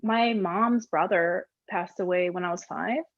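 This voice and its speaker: A woman interviewing a guest in casual conversation, chatty and lively, with many "like" fillers. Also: on the low side, unhurried, no room sound, dull audio.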